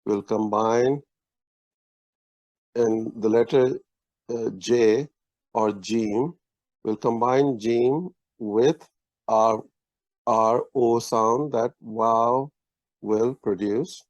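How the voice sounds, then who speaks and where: A man's voice: medium pitch, steady tone, extremely slow, long pauses, darkish tone, no echo. A man teaching a language lesson, explaining patiently with many fillers and restarts. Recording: dull lo-fi online lesson audio.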